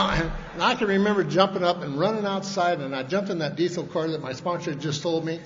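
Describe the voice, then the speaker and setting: A middle-aged man from Montana, speaking a touch high, tells his recovery story from a podium in a big hall. He rambles in a folksy way, restarting sentences and slipping into loose colloquial grammar. The old tape is dull and lo-fi, with a long reverb tail and a faint hiss behind him. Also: fairly quick, hardly any pauses. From Montana, USA. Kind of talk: personal recovery story told to an audience. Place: large convention hall.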